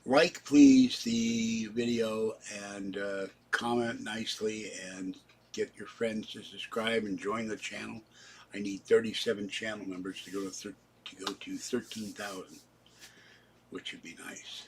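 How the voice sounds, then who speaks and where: A man's voice: lowish voice, fairly even intonation, unhurried, a little hiss or hum. A man in his seventies, hosting a casual live stream and chatting to viewers, rambling from one topic to the next. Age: 70s. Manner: chatty, talks straight to viewers. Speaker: channel host.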